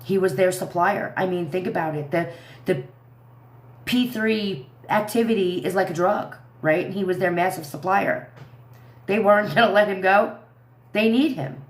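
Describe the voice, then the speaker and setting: A woman's voice: mid-range voice, moderate pace, reverberant. Indignant woman ranting on a livestream. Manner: indignant, rambling, addresses viewers as y'all. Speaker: livestream commentary host. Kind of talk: casual livestream commentary.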